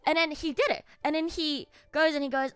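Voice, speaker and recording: A woman streamer tells her chat a story in a casual, lively way, laughing a lot and swearing often. Her voice sits high, she talks fairly quickly, and there's no echo.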